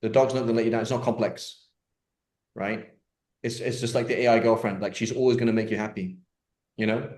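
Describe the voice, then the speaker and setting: A man's voice: on the low side, fairly even intonation, brisk, a little mellow. A man teaching an online question-and-answer class in a chatty, joking way, with many fillers and restarts. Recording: roomy echo.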